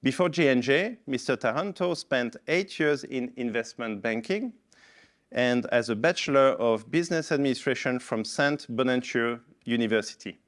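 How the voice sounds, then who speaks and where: A man with a French accent introduces the next speaker on a conference stage. He reads the bio aloud at a mid pitch, catching on words here and there. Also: moderate pace.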